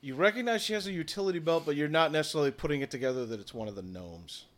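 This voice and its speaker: Man, game master, bright tone, fairly high pitch, matter-of-fact scene narration. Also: animated, racing.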